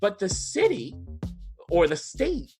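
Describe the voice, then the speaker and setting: A man's voice: high voice, wildly swooping pitch, slow, a little mellow, soft background music. A man co-hosting a podcast, chatting enthusiastically through a TV show review with plenty of restarts and asides. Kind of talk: casual TV review chat.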